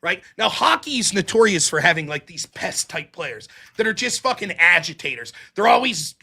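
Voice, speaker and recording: A middle-aged man from Pittsburgh talking in a loud, rapid, profane way as a guest in a casual conversation. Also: high-pitched, big pitch swings, creaky, breathy edge. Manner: fast, loud, profane talker. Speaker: guest debater.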